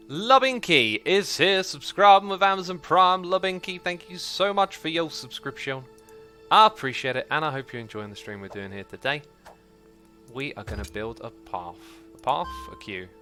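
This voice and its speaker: A man hosting a live gameplay stream, chatty and excitable, thinking aloud and reading out chat messages. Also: mid-range voice. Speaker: livestream host.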